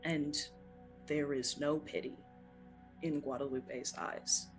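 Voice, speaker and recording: A game master narrating a tabletop game scene in a descriptive, unhurried way, with occasional fillers. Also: medium pitch, fairly even intonation, over music, rough recording.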